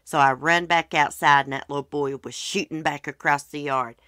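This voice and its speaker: A woman's voice: sits low, steady tone, moderate pace, a bit bright, dry recording, studio quality. A middle-aged woman, hosting her channel and telling folksy stories in casual chat. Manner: chatty, folksy storytelling. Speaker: channel host.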